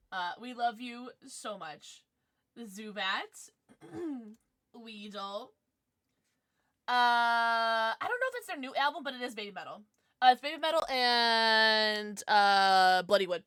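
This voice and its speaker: A woman streamer chatting casually with viewers as she opens trading cards, excitable and quick to gasp and squeal. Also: fairly high pitch. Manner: excitable, gasping and squealing at pulls. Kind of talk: livestream chat while opening trading cards.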